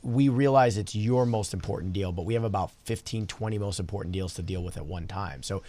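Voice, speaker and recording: A man, a real estate broker, talking in a relaxed casual panel chat and telling stories. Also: low voice, a little fast. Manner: storytelling, relaxed, repeats words.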